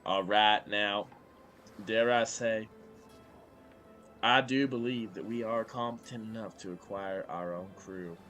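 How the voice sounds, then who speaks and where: A man's voice: lowish voice, steady tone, measured pace, pauses often, a bit bright, soft background music. A man playing a pompous male governor in a tabletop game, speaking in a grand, folksy drawl. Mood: grandiose.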